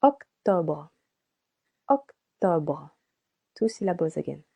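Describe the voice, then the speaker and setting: Slow, mellow-voiced woman teaching French. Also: sits low, very animated, gravelly, husky. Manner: slow and deliberate, repeats words for practice. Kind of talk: slow scripted language lesson.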